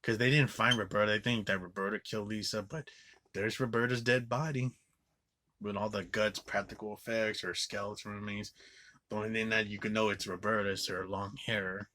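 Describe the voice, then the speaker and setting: Guy rambling thru a movie review, cusses constantly, lowish voice but bright and edgy. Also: steady tone, a little fast. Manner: rambling, profane, filler-heavy with frequent "like". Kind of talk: casual spoken movie review.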